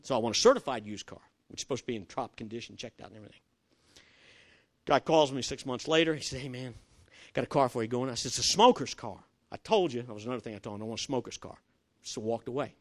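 A man's voice: medium pitch, quick pace. An older man preaching, telling a personal story with acted-out dialogue and chuckles. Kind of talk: sermon with personal testimony story.

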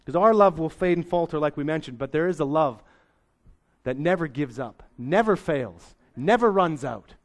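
A man's voice: fairly high pitch, expressive, moderate pace. A middle-aged man preaching a sermon as pastor, in a folksy, conversational way with homely sayings.

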